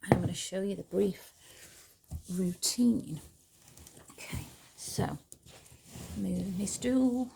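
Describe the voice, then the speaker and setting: A woman at home, softly guiding a meditation and movement practice at an unhurried pace, with quiet whispered asides. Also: mid-range voice, gravelly, slightly rough. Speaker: spiritual teacher. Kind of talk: guided meditation and movement instruction.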